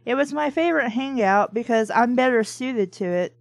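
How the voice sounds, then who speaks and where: A woman reads a novel aloud, stopping often to mock it with sarcastic, swearing asides. Her voice is a little high-pitched, and the recording is dry and close with no room echo. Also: normal speed, creaky. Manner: sarcastic, profane, mocking. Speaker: book reviewer and reader. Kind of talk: sarcastic comedic read-along commentary.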